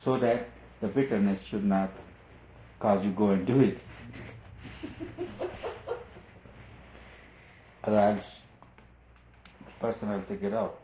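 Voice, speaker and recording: Low-voiced man in a tinny echoey room. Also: a little hiss or hum. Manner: measured, repetitive, emphatic. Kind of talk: spiritual discourse. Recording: echoey room, phone-like lo-fi sound.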